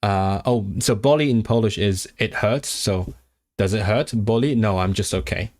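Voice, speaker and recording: A man's voice: fairly low pitch, normal speed, darkish tone. A man livestreaming his language study, thinking aloud with fillers and restarts and carefully repeating new foreign phrases. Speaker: language-learning streamer. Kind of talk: casual livestream language practice.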